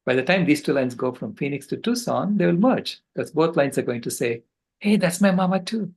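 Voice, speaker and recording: An older man on a video call, giving a passionate, earnest storytelling talk with halting restarts. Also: medium pitch, lively intonation, vocal fry, low-quality recording. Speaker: conference speaker.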